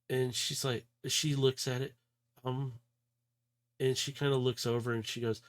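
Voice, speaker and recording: A man's voice: mid-range voice, fairly even intonation, moderate pace. A man running a tabletop game as game master, narrating loosely with fillers, sounding a bit unwell. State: unwell, coughing.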